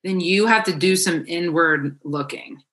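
Woman, life coach guest, lowish pitch, bright forceful tone, emphatic, encouraging. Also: a little slow. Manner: emphatic, encouraging, blunt with casual swearing. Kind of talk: casual podcast conversation.

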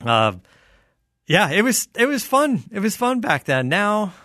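A man from South Florida hosting a casual chat and reading an ad, relaxed and rambling. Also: high-pitched, measured pace, no room sound, studio quality. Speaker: host.

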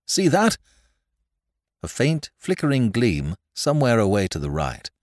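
A man narrating a classic mystery novel in a lively, dramatic reading style. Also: fairly low pitch, moderate pace, no room sound, studio quality. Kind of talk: audiobook narration.

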